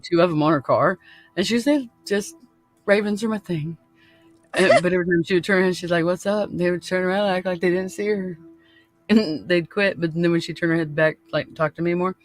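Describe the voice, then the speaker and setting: A man hosting a podcast in casual chat, laid-back and laughing often, swearing freely. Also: fairly high pitch. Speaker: podcast host.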